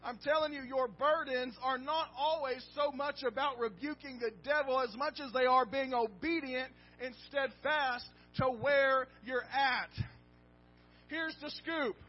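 A man's voice: extremely high pitch, measured pace. A man pastor preaching a sermon, emphatic and storytelling, calling out to his congregation. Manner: emphatic, storytelling with call-and-response. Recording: dull lo-fi recording with faint music.

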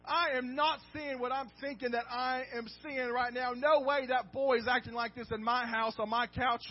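A man preacher acting out a furious ancient king who shouts in slangy outrage. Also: very high voice, fairly even intonation, moderate pace, dull audio. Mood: outraged.

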